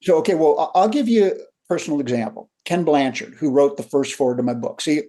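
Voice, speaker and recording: An older man, a leadership coach, talking through lessons in a relaxed interview and acting out the people in his stories. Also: fairly high pitch, fast. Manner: animated storyteller who acts out quotes. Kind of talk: conversational storytelling.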